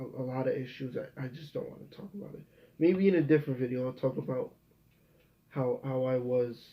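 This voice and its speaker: A young man talks straight to camera in a loose, rambling monologue. He swears freely and keeps restarting his sentences, at an ordinary middle pitch. The sound is muffled and lo-fi. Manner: rambling, profane, frequent restarts. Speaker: video creator. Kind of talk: casual vlog monologue. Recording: dull lo-fi recording.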